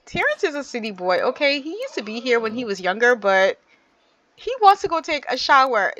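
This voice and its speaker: Very animated and brisk, a woman with a slightly high, fairly bright voice hosts a gaming channel, though the audio is dull. Her commentary on the game is casual and chatty, aimed directly at the people watching.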